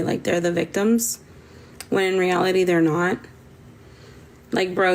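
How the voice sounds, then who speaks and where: A woman's voice: on the low side, creaky, a little mellow. Blunt slangy woman ranting on a stream. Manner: blunt, slangy, trash-talking. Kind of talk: livestream chat rant.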